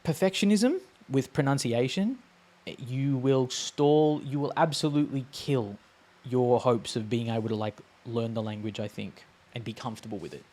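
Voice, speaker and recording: A man's voice: medium pitch, warm tone. Chatty man teaching on a live stream. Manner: chatty, repeats sounds slowly and drawn out. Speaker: language teacher streaming a lesson.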